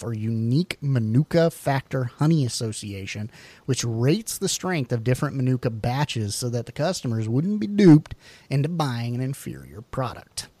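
A man's voice: medium pitch, mellow, no room sound. A man co-hosting a podcast, reading food facts aloud with jokey asides and the odd stumble over words. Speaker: podcast co-host.

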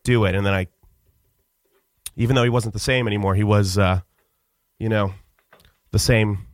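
A man's voice: lowish voice, fairly even intonation, dry recording. Rambling mock-solemn man, dry studio sound. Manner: rambling, halting, full of "uh"s. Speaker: radio show guest. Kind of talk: mock-solemn comic monologue. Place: radio studio.

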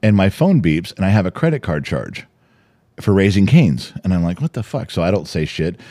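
Gen x dad podcasting from home, deep voice, gets loud and jumpy acting out what people said. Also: male voice, moderate pace. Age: middle-aged. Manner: animated, swears freely, acts out quotes loudly. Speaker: podcast co-host. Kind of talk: casual chat.

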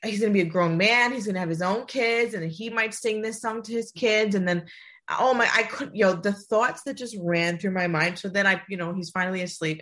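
A woman's voice: fairly high pitch, sharp tone. Emotional laughing woman. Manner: emotional, laughs often, acts out quotes. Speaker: podcast co-host, mother of a baby son. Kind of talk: casual chat.

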